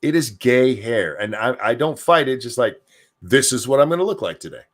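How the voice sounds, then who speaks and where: In a medium-pitched voice that runs a little fast, an older man hosts a streamed talk show with a casual feel. He curses openly, stays animated and often turns the joke on himself.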